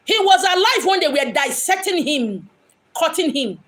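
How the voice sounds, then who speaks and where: A woman's voice: very high voice, sing-song, normal speed, fairly bright tone. A woman from Abia State in Nigeria with a Nigerian accent, a spiritual medium speaking in an impassioned, dramatic monologue. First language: Igbo. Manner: dramatic, acts out quoted voices. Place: home in Lagos.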